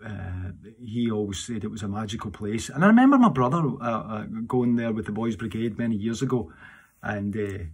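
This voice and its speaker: A Scottish man, a singer answering audience questions in a rambling, casual chat, animated in his seat and restarting his sentences often. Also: fairly low pitch, a little fast, slightly rough. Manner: animated while seated.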